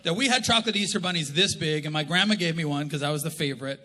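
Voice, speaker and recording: A middle-aged pastor with a Canadian accent preaches in a big church hall, his bright, slightly raised, high-leaning voice echoing with reverb. Talking fast and animatedly, he tells jokes through humorous stories and acts out the voices of family members.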